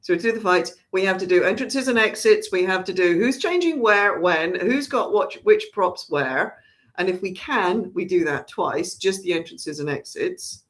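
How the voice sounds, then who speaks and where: Rambling, chatty theatre director. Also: female voice, lowish voice, expressive, normal speed. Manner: chatty, rambling, with frequent restarts. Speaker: artistic director of a theatre company. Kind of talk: casual spoken announcement.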